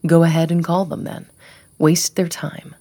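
A woman reading an audiobook, voicing a smug, pushy man who keeps justifying himself in a glib, quiet way. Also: deep voice, little pitch movement, a little slow, no echo. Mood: mocking. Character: male ex-boyfriend, smug, pushy, self-justifying.

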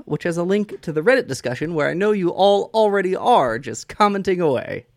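Animated, higher-voiced man on a dry mic. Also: fast talker, few pauses, no echo. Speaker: podcast co-host. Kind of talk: casual chat.

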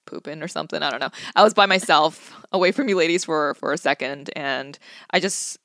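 A woman's voice: sits low, a little fast, a bit bright, dry recording. A young woman co-hosting a podcast, chatting expressively, laughing as she talks and mimicking others. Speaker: podcast co-host. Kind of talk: casual chat.

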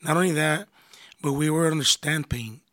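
A man's voice: fairly high pitch, normal speed, a bit bright. A man, a pastor and marriage counselor, talking earnestly in a casual conversation and often restarting his phrases.

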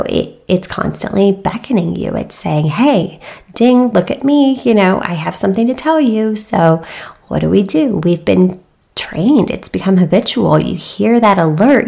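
A woman's voice: lowish voice, vocal fry, warm tone. A woman in her thirties hosting a solo podcast, talking earnestly and encouragingly, with many fillers and restarts. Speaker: podcast host. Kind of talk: reflective solo podcast talk.

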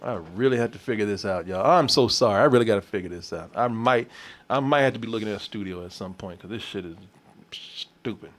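A man's voice: fairly low pitch, fast. A man chatting casually and profanely about a movie, telling jokes and laughing as he talks. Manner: animated, profane, laughing storyteller. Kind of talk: casual movie review chat.

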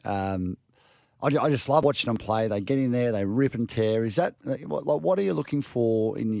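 A man co-hosting sports radio with a gravelly, creaky voice, asking enthusiastic, rambling questions. His voice is dry, with no room around it. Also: medium pitch, darkish tone, no echo.

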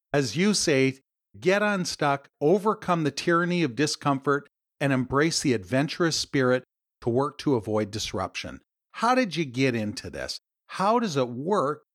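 A man's voice: mid-range voice, dry recording, clean studio sound. A Canadian man hosting a podcast interview, telling a personal story and welcoming his guest. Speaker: podcast host.

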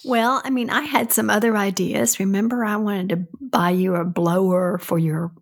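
An older woman, a mother talking with her grown son, chatting casually and gently, laughing often. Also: medium pitch, fairly even intonation, moderate pace. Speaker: parent. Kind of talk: casual chat.

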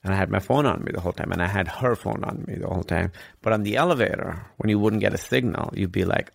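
A man guest in an interview, telling a personal story in an earnest, reflective way with halting restarts. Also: low-pitched, vocal fry, dry recording.

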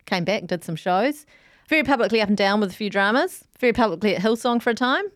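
A woman's voice: mid-range voice, fast talker, no room sound. New woman telling stories, dry sound. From New Zealand. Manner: animated storytelling, laughs often. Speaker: podcast co-host. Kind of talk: casual chat.

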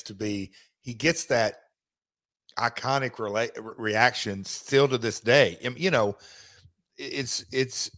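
A middle-aged man, chatting casually as a podcast host, halting with many restarts and fillers. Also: mid-range voice, a bit bright. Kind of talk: casual chat.

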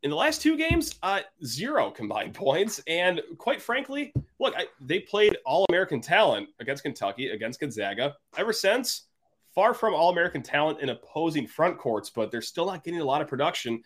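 A man's voice: a little high, very animated, fairly quick, fairly bright tone. A young man hosting a sports podcast, chatting casually in a jokey, self-deprecating way. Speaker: podcast host.

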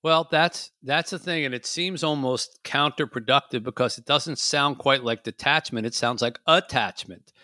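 A man's voice: medium pitch, normal speed, few pauses, no room sound, clean studio sound. A man hosting a casual talk show, chatting and acting out his own inner voice. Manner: animated, acts out his inner voice. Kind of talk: casual chat.

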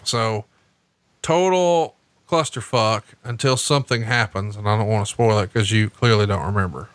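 A man's voice: normal speed, fairly bright tone. A man hosting a podcast, teasing his co-host crudely and recapping old matches. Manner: teasing, crude, jumps in pitch when joking. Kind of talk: casual podcast banter and recap.

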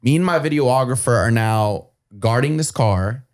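Animated man telling a story. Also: mid-range voice, normal speed. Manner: animated, acts out other people's lines; profane, blunt. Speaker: podcast guest. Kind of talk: casual storytelling.

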